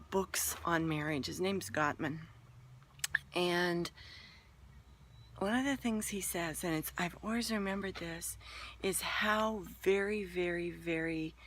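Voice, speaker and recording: A woman hosts a relationship advice talk in a fairly low voice. She is earnest and emphatic, repeating her key points and sometimes sinking to a near whisper to stress them. Faint room ambience sits under her voice. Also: fairly bright tone, a little hiss or hum.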